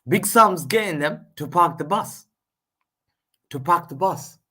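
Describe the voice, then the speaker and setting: A man hosting a live football watchalong, calling the play and chatting, excitable and slangy, repeating himself as the action unfolds. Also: fairly high pitch, measured pace, husky. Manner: excitable, slangy, repeats phrases, jumps between play-by-play and chat. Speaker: fan host of a live match watchalong.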